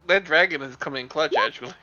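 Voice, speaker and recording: High bright joking player. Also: male voice, quick pace, highs cut off, soft background music. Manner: joking, laughs. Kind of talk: casual tabletop game chat.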